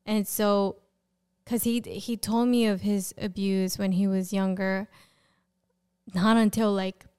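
A young woman speaks as a podcast guest, her voice remarkably smooth and resonant. She tells her own story in a chatty, animated way, often jumping up in pitch to act out what she and others said. Her pitch sits in a middle range. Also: slow pace, pauses often. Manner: animated storyteller who acts out quoted dialogue and fills with "like". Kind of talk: personal testimony in a conversational interview.

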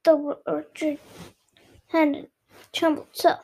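Child reader, high mellow voice, slow careful storybook reading with slips. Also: flat delivery, vocal fry, low-quality recording.

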